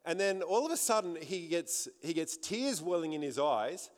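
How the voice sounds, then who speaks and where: Earnest Australian preacher, high voice. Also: male voice, animated, moderate pace. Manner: earnest, conversational, repeats phrases for emphasis. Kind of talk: sermon with personal testimony. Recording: long hall reverb.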